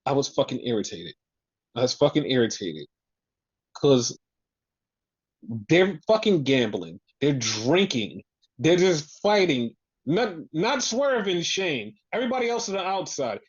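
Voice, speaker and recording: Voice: mid-range voice, very animated, moderate pace, slightly rough. Exasperated, swearing podcast co-host. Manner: exasperated, profane ranting. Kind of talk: casual wrestling recap chat. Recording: dull lo-fi sound.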